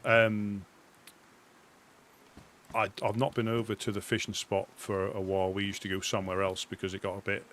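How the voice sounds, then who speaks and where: A man on game voice chat, calmly explaining things with some hesitation. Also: fairly low pitch, moderate pace, long pauses, a little hiss or hum. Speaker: game player.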